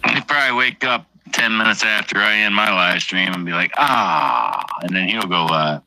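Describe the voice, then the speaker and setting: A man's voice: fairly low pitch, steady tone, a little fast, sharp tone, poor audio. A man chatting casually on a late-night livestream, rambling between stories with constant swearing and an offhand manner.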